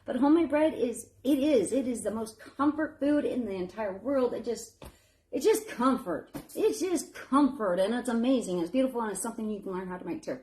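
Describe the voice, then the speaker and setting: A woman's voice: a little high, fast talker, mellow. A woman in her thirties hosting a live baking stream, chatty and encouraging, admitting she feels nervous. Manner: chatty and encouraging, calls viewers honey. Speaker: home baker hosting a live fundraiser bake. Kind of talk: casual live-stream chat.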